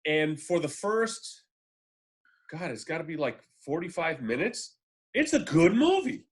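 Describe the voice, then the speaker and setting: On a remote call, a podcast co-host rambles through a casual conversation, cursing, using lots of fillers and restarting his thoughts. His fairly high voice is sing-song and slightly rough, and he keeps a measured pace.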